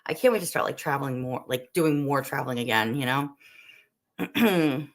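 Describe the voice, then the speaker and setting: A woman with a bass voice speaks unhurriedly as she hosts a livestream, chatting with viewers and answering their comments while she cooks. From the Northeastern United States, she rambles casually, peppering her talk with "like" and "um".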